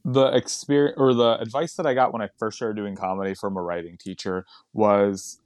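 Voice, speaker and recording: A man's voice: on the low side, fairly even intonation, moderate pace, darkish tone, no echo, studio quality. A man who does stand-up comedy, chatting casually on a podcast, rambling and laughing often as he digresses.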